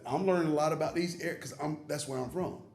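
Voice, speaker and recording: A man's voice: a little high, fast. A man from North Carolina with a Southern accent, a pastor hosting a casual conversation, who tells stories and acts out what others said. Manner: animated storyteller acting out quoted voices. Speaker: pastor and host. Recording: roomy room with faint music.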